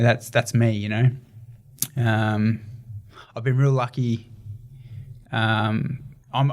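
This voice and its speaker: A young adult man with an Australian accent, talking earnestly in a casual interview with many fillers and restarts. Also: mid-range voice. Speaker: guest, ultramarathon runner.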